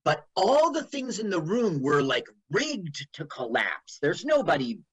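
Speaking unhurriedly in a husky, highish voice, a man co-hosting a radio show chats casually about a film. He quotes its scenes animatedly in put-on voices. The recording is rough.

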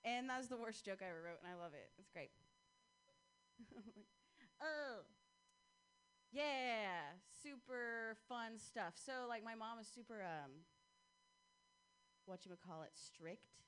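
A woman's voice: fairly high pitch, expressive, slow pace, long pauses, fairly bright tone, clean tone, poor audio. A woman performing a stand-up comedy set, talking conversationally with a self-mocking manner. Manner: conversational, self-mocking, drops into voices for quoted people.

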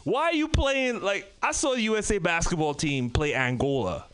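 A man from Trinidad and Tobago doing a stand-up comedy set, telling loud, profane stories in an animated way. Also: high voice, moderate pace, smooth.

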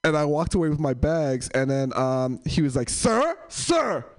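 A young man doing stand-up, telling stories and acting out characters in a high voice. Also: a little fast, clean tone. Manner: animated, acts out characters in a high voice. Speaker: stand-up comedian. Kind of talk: stand-up storytelling.

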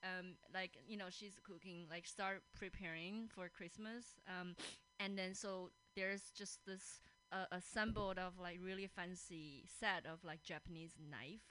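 Bright-voiced woman telling funny stories. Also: lowish voice, steady tone, measured pace, low-quality recording. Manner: laughs often, many fillers. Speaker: podcast host. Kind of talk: casual comedic storytelling.

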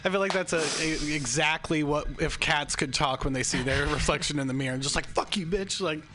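A man comedian in casual chat, telling deadpan anecdotes with hesitant, rambling phrasing full of ums. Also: fairly high pitch, a little fast, slight background noise.

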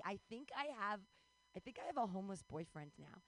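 A woman's voice: medium pitch, big pitch swings, brisk, rough recording. A woman in her forties doing a bawdy, self-mocking stand-up set, breaking into squealing voices. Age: 40s. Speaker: stand-up comedian.

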